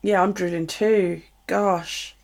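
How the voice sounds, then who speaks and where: A woman's voice: on the low side, steady tone, slow pace, vocal fry, darkish tone. A middle-aged woman with a British accent, chatting casually to viewers while unboxing craft supplies and gushing over them. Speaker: craft live streamer.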